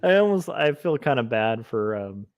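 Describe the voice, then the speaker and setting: A man's voice: mid-range voice, sing-song, normal speed, no echo. A man streaming while he draws comics, chatting casually, reading chat aloud and rambling in a goofy, self-deprecating way. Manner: goofy, rambling, reads chat aloud, tries silly voices. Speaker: comic artist livestreamer.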